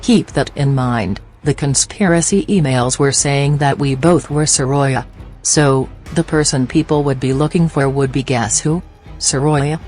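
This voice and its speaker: A woman's voice: very deep voice, unhurried, darkish tone, faint music behind. A woman host giving blunt, mocking commentary in a sarcastic, insulting way.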